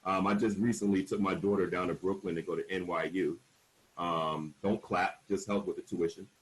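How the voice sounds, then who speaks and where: A man in his forties speaks in a somewhat low voice as a panel speaker, telling his own story frankly. He leans hard on key words and slips into the voices of the people he quotes. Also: steady tone, moderate pace, a little hiss or hum, low-quality recording. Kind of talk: candid personal storytelling at a panel.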